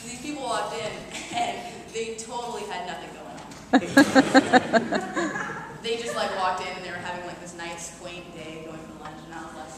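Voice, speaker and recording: A woman's voice: lowish voice, steady tone, normal speed, a crowd in the background. Distant woman comic in an echoey hall. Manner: rambling anecdotal storytelling, full of "like". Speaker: stand-up comedian. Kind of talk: stand-up comedy set. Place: performance hall with an audience. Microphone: no microphone, projecting her voice. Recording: echoey hall from far off, noisy room.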